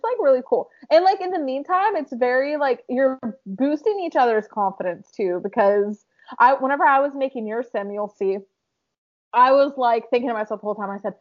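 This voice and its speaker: A woman's voice: a little high, lively intonation, a little fast. Young woman, casual chat, bubbly storyteller, raised voice, muffled lo-fi sound. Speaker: co-host. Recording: muffled lo-fi audio.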